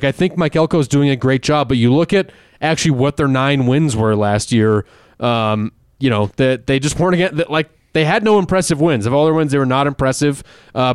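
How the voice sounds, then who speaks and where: A man hosting a casual sports betting podcast, talking in quick, rambling runs with many fillers. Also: fairly high pitch, clear, resonant tone, no echo. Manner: fast, rambling, full of fillers and restarts. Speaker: podcast host.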